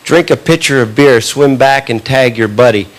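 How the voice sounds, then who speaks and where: A man doing stand-up comedy, telling a long story in a punchy, animated way and often tagging lines with a quick question. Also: medium pitch. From Canada. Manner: animated, punchy delivery with frequent tag questions. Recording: live recording with audible background noise.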